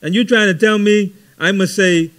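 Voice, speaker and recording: A man's voice: sits high, steady tone, normal speed, a bit bright, voice pushed up. A man voicing a boastful, brawny male construction worker who scoffs at the idea of loving God. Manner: incredulous, bragging.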